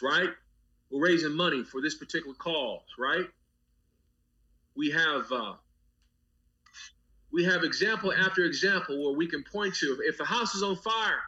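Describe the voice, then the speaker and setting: A pastor being interviewed talks with impassioned energy, using a preacher's rhythmic cadence, long lists and repeated phrases. His voice is on the high side, pushed and bright, and the recording is muffled.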